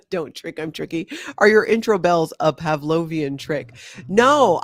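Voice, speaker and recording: A woman's voice: sits low, no room sound. A woman from Hawaii with a Hawaiian accent touched by Minnesota, chatting casually with viewers on a livestream and laughing often. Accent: Hawaiian with a slight Minnesotan tinge. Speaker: host reading live chat.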